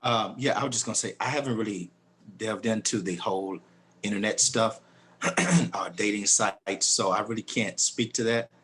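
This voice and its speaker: A man who is a pastor, speaking on a panel in a halting, thoughtful way. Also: lowish voice, a bit bright, slightly rough. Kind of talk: casual panel discussion.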